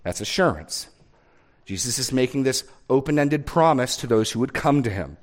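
A man's voice: medium pitch, lively intonation, normal speed. A man preaching a sermon as a pastor, reading scripture aloud and stressing key words.

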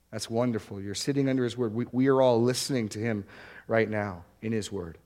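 A man preaching a sermon to a congregation, earnest, slowing down to stress key words and repeating them. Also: medium pitch. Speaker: pastor.

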